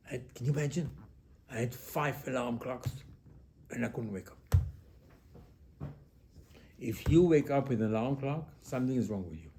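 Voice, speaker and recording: A man giving a sermon as a rabbi, asking rhetorical questions and repeating them, with Hebrew religious terms mixed into his English, moving between hushed asides and emphatic lines. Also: medium pitch, animated, moderate pace, pauses often, slight background noise. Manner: loudness swings from hushed to emphatic.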